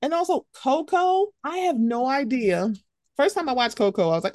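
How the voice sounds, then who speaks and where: Brief: young woman host, casual podcast chat, lively high-pitched storytelling, dry close sound. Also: moderate pace, no echo. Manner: animated, swings into high excited voices when quoting herself.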